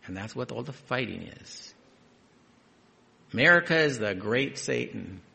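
A man preaching a sermon, reading scripture aloud and adding conversational, quietly emphatic asides. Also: mid-range voice, lively intonation, unhurried, vocal fry.

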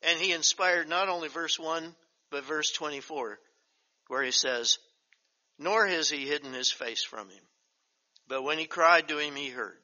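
An older man teaching a Bible study as pastor, reading scripture slowly and emphatically, then breaking into chatty asides. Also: fairly high pitch, bright, forceful tone. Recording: dull lo-fi recording.

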